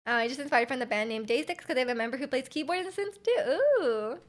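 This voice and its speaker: Woman streamer for casual chat, slightly high voice, energetic and loud, lots of fillers, volume that jumps up and down. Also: fast talker. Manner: chatty, many fillers, reads chat aloud.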